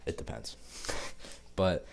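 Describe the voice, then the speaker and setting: A man's voice: very slow, a little hiss or hum. A young man telling a story to camera in a rambling, casual way, full of swearing and filler words. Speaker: vlogger.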